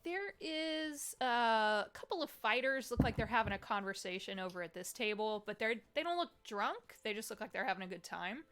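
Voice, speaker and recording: A woman's voice: on the high side, lively intonation, fairly quick, hardly any pauses, a bit bright. A woman running a tabletop game as game master, describing scenes in a chatty, descriptive way with many fillers.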